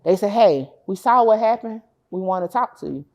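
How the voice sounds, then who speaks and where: A woman's voice: mid-range voice, normal speed. A woman guest on an interview show who covers court cases, telling a story casually and acting out what people said, swearing freely. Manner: animated, acts out dialogue, swears freely. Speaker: interview guest, court-case content creator.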